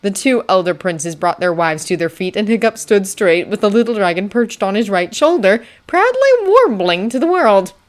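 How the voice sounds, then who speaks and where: A woman narrating a fanfiction audiobook with a steady, expressive reading. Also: mid-range voice, moderate pace, hardly any pauses. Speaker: audiobook reader.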